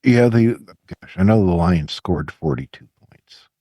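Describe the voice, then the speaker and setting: A man's voice: low-pitched, lively intonation, unhurried, warm tone, breathy edge, no room sound. A man co-hosting a casual podcast, joking crudely and rambling about sports and the news. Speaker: podcast co-host. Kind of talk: casual chat.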